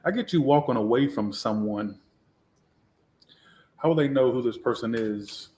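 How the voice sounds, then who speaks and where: A man's voice: medium pitch, moderate pace, a little mellow. A man giving a casual live tarot reading, talking in a blunt, sassy way with a lot of swearing. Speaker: tarot reader. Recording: echoey room.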